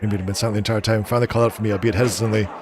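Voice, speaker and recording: A man's voice: on the low side, fairly even intonation, racing, crowd noise. A man reading a visual novel's first-person narration aloud while playing, with casual asides in between. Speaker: let's-play streamer.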